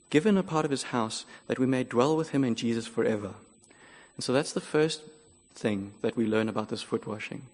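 A man preaching a sermon, explaining scripture in a measured, earnest way. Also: medium pitch. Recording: long hall reverb.

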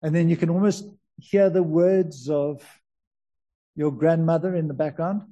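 A man with a South African accent preaching a conversational sermon, slowing down on key words. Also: a little high, fairly even intonation, mellow, highs cut off. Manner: conversational, varies emphasis, stretches key words.

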